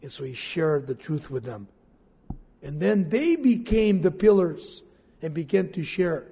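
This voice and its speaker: A man's voice: fairly high pitch, animated, unhurried, dark tone, breathy edge, big-room sound. A male pastor preaching a sermon, telling stories with animation and asking the congregation questions.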